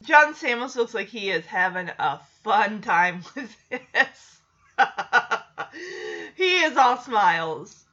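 A woman's voice: mid-range voice, big pitch swings, slow pace, sharp tone, dull audio. A woman giving a chatty, casual recap of a TV episode, laughing often and acting out quoted lines. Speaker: show recapper.

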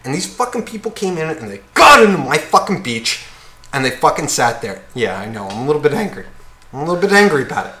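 A man, ranting in a casual podcast chat and swearing freely as he acts out other people. His voice is fairly high, bright and very lively in pitch. The room around him sounds echoey. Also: fast talker. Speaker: podcast co-host.

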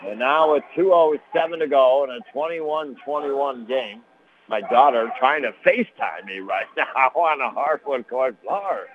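A middle-aged man with an Upstate New York accent calling high school basketball play-by-play, brisk on the action and chatty between plays. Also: rough recording. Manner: brisk call with rising excitement on big plays; chatty asides with fillers. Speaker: play-by-play commentator. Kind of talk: local sports play-by-play.

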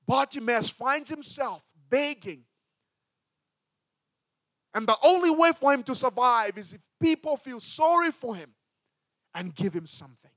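High-voiced man preaching a sermon. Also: lively intonation, measured pace, pauses often, no room sound, studio quality. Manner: emphatic preaching, swings between loud and hushed. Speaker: pastor.

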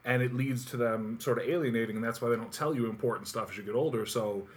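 Fast-talking joking male co-host. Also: medium pitch. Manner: rapid, joking, rambling explanations. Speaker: podcast co-host. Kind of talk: casual podcast chat.

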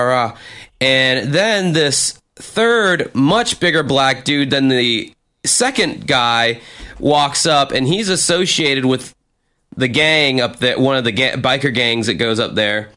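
A man casually telling a story on a chat show, animated and swearing, acting out what people said. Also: medium pitch, slow pace. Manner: animated, acts out quotes with profanity.

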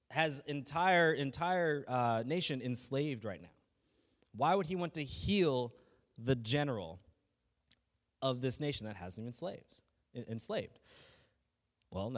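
A man's voice: medium pitch, in a large hall. A man giving a casual, earnest faith talk as a lay teacher, speaking conversationally with frequent restarts and fillers.

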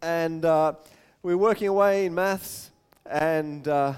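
Preaching with lively, conversational energy, this man of the cloth pokes a bit of fun at himself and tosses off fast side comments. He sounds smooth and slightly high-pitched.

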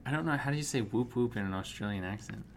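A man's voice: mid-range voice, quick pace, background noise. A man co-hosting a podcast, tipsy, rambling and making fun of himself. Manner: tipsy, rambling and self-mocking. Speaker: podcast co-host. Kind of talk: casual chat.

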